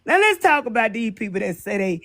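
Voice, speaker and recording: A woman's voice: on the high side, sing-song, brisk, a bit bright, no room sound. Female caller with an emphatic, preachy delivery and a dry, close sound. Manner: emphatic and preachy, repeating points. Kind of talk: casual call-in commentary.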